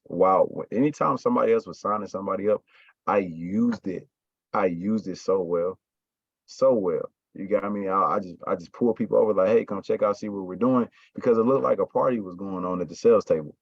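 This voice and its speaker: Man, sales coach, casual and emphatic, low voice, dry, muffled call audio. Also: dry recording. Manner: emphatic, repeats "right?" and "you got me?". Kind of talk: casual coaching talk to a team.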